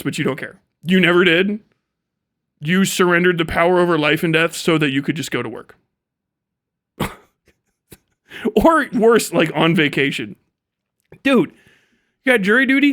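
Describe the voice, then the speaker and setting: High-voiced man in a profane rant. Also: expressive, unhurried, pauses often, fairly bright tone. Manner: profane, sarcastic, mocking. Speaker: livestreamer. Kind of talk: ranting livestream commentary.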